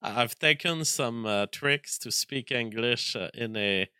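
This livestream host, noticeably French-accented, has a crisp, forceful mid-range voice. He chats casually, reading messages from viewers and thinking aloud with frequent stops and restarts, all recorded dry and close-up.

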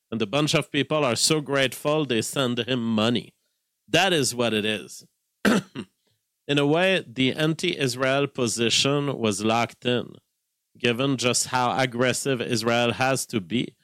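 A man's voice: mid-range voice, fairly bright tone, no room sound, clean studio sound. Heated, rambling man streamer. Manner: rambling, heated, repeats himself. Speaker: online commentator reacting to clips. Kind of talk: casual live-stream commentary.

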